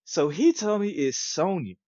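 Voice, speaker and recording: In an unhurried way, a young podcast co-host spins a story full of slang, animatedly performing the quotes with dramatic pitch leaps. The audio is dull, lo-fi, and dry.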